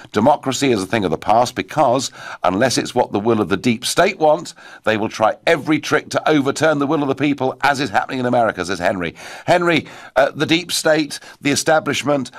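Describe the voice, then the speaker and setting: A British man hosts a talk radio phone-in, his pitch rising and falling a great deal as he presses each point. He is emphatic and forceful, and his studio mic sounds dry and close. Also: no room sound. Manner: forceful, emphatic, lively delivery. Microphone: studio microphone.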